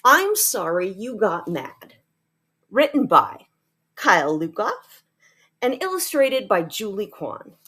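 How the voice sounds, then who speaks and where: A woman reading a children's picture book aloud, animated and coaxing, turning to the listener with questions. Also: mid-range voice, slow pace, a little hiss or hum.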